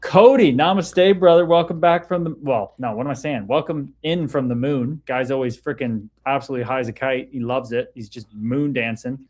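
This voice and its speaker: A man's voice: mid-range voice, normal speed, few pauses, a little mellow. Casual, candid male livestream host. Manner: candid, swears freely, reads viewer comments aloud. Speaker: livestream host reading chat.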